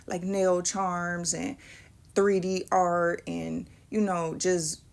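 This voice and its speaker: Chatty gravelly-voiced woman vlogger. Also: lowish voice, level tone, extremely slow. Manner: chatty and playful, talks straight to viewers. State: pregnant. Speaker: nail tutorial vlogger. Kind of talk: casual tutorial chat.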